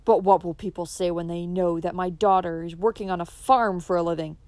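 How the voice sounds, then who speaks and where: A woman's voice: lowish voice, fairly even intonation, a little fast, a little mellow, no echo, lightly acted. Woman reading a haughty, harsh old father, dry close sound, storybook reading. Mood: cold. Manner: cold, then storming in rage. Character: proud, domineering older father.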